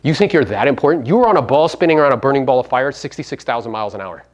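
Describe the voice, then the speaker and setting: In a muffled recording, a middle-aged real estate business owner delivers a brash, profane media seminar, peppering his audience with rhetorical questions. He talks rapid-fire at a medium pitch with lively intonation.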